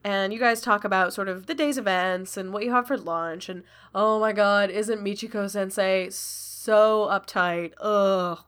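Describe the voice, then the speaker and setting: A woman's voice: mid-range voice, normal speed, hardly any pauses, fairly bright tone, clear, resonant tone. Giggly woman running a tabletop game. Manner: laughing, chatty, lots of fillers. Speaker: game master.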